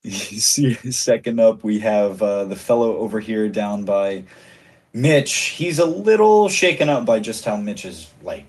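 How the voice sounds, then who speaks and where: A man's voice: lowish voice, expressive, a little slow, darkish tone. Casual, chuckling male game master. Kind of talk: narrating a tabletop game.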